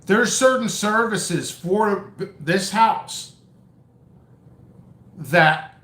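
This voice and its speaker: A seed seller who runs his own channel rants in a rambling vlog, long-winded, stammering and exasperated. His voice sits high and fairly bright, with drawn-out words, and the room is echoey.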